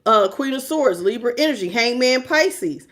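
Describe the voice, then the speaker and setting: A woman's voice: fairly high pitch, lively intonation, moderate pace, fairly bright tone. A woman doing a tarot reading to camera, sassy and emphatic, often laughing as she talks. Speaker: tarot reader.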